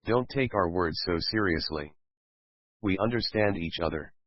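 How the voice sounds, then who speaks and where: A man playing a calm scientist who patiently explains things to a colleague. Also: low voice, normal speed, no room sound. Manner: gentle, explaining. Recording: dull lo-fi recording.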